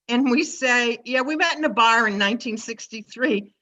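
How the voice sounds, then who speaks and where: An older woman in her seventies with a Boston accent tells a personal story in a chatty, lively way. Her voice sits a little high and sounds bright. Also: normal speed, rough recording. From Massachusetts. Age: 70s. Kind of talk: personal story told to an online audience.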